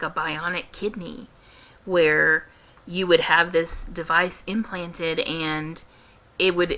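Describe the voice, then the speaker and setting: A young adult woman with a light Midwestern American accent, answering questions in a casual vlog with careful, deliberate diction and frequent restarts. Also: fairly low pitch, pushed and bright. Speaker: vlogger.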